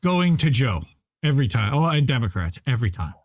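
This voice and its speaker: A man hosting a live stream, talking casually and voicing opinions with quick asides. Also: medium pitch, very animated, no echo. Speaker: show host.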